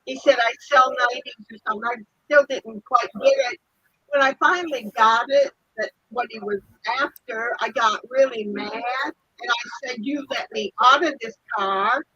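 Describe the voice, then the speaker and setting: A woman's voice: on the high side, moderate pace, fairly bright tone, slightly rough, no room sound, lo-fi sound. An older woman telling a story in a casual chat, laughing often and acting out other people's lines, heard over a video call. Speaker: guest.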